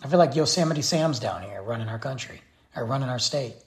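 A man's voice: medium pitch, animated, a little fast. A man giving a blunt, exasperated opinion rant straight to his viewers. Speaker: vlogger. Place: Texas.

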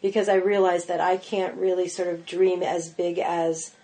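A woman with a fairly low voice and moderate pace chats as a podcast guest; she's a pastry chef. She spins animated stories full of "like" and "you know," dramatizing what others said.

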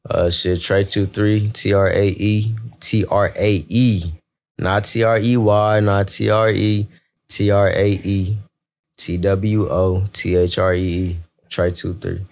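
A man's voice: low voice, level tone, slow pace, vocal fry, a little mellow. A man guest on a casual podcast, laid-back and repeating his phrases. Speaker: guest rapper.

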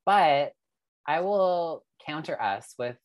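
A woman's voice: sits low, animated, takes it slowly. A woman in casual gossipy chat, chatty and joking. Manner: chatty, gossipy, does mocking impressions.

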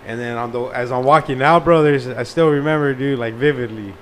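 A young man telling a profane, animated story in casual slang. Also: mid-range voice, brisk, a little hiss or hum.

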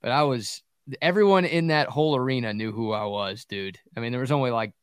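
A man's voice: mid-range voice, a little fast, smooth, no echo, clean studio sound. A man co-hosting a sports talk show in a laid-back way, reading out listener texts. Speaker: sports radio co-host.

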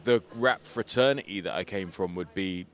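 Low-voiced man telling stories casually. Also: moderate pace, a little hiss or hum. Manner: relaxed storytelling, frequent "like" fillers. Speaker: guest, comedian and rapper. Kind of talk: casual interview chat. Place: outdoors on a street.

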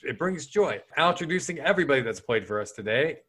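A man's voice: on the high side, animated, fast talker, sharp tone, breathy edge. A man hosting a comedy podcast, joking around and doing playful mock-announcer sign-offs. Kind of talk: casual comedic chat.

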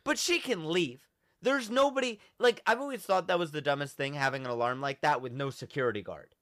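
A young man hosting a podcast, telling a story in a casual, animated way and acting out the quotes. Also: fairly high pitch, fairly quick, dry recording, studio quality. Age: young adult. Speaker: podcast host.

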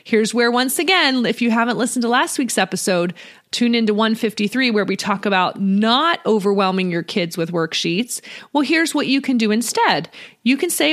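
A woman's voice: a little high, expressive, normal speed, a bit bright. A woman in her thirties hosting a homeschool podcast, explaining teaching steps in a friendly, chatty way. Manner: friendly, explanatory, uses "you know" and "right?". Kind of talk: casual instructional talk.

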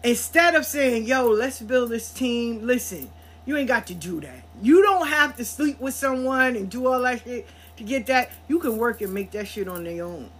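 A woman hosting a podcast, telling a story in a blunt, profane, animated way. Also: on the high side, moderate pace. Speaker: podcast host. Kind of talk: casual storytelling monologue.

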